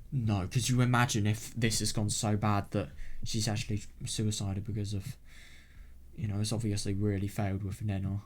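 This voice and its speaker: Excitable man reacting to a game. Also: on the low side, a little hiss or hum. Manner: exclamatory, repeating "no" and "oh my God" with swearing; halting with fillers and restarts when he talks things through. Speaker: let's play host. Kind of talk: reacting while playing a visual novel.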